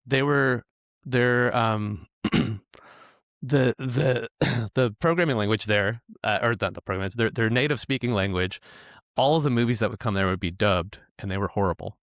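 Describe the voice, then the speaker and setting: A man's voice: medium pitch, normal speed, fairly bright tone, no echo, clean studio sound. A man who is a podcast guest, talking in a casual, rambling way with lots of restarts and stammered words. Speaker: developer educator, guest.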